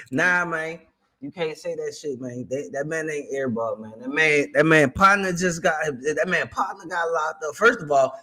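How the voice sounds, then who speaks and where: A young man hosting a reaction stream and talking loosely in heavy slang. His voice sits a touch higher than most men's, and he keeps looping back with "man" and "you feel me". The delivery stays loose and conversational, spoken into a streaming mic. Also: bright, forceful tone. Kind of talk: casual reaction commentary.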